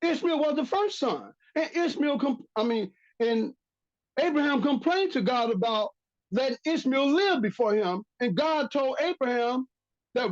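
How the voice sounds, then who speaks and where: Lively-voiced bible teacher, lo-fi recording. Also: high voice, a little slow. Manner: reads scripture aloud then repeats key phrases for emphasis. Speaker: religious teacher. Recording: dull lo-fi recording.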